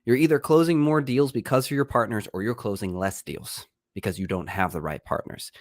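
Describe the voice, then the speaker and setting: A man's voice: fairly low pitch, a little fast, no room sound, clean studio sound. A man who is a real estate agent and coach, slightly sick, talking to camera in an upbeat, emphatic way with an American accent. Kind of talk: energetic vlog talk to camera.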